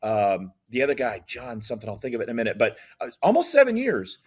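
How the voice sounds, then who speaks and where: Fast-talking and husky, with a mid-range voice, this middle-aged comedian guest tells stories in a casual interview. He's animated and performs the dialogue in assorted voices.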